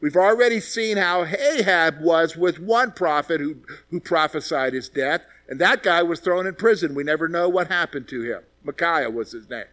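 A man's voice: on the high side, expressive, moderate pace, few pauses, fairly bright tone. A man teaching a Bible study, retelling scripture in a conversational way and asking rhetorical questions.

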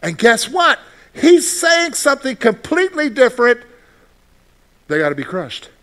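Male preacher, high voice, casual sermon style, talks straight to the congregation. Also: sing-song, unhurried, pushed and bright. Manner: conversational, asks the congregation questions. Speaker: pastor.

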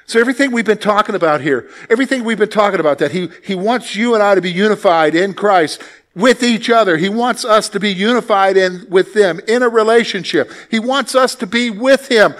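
A man delivers a sermon as pastor with a high-pitched voice. He preaches emphatically, swinging between loud, rising exclamations and quiet, dropped asides. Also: a little fast.

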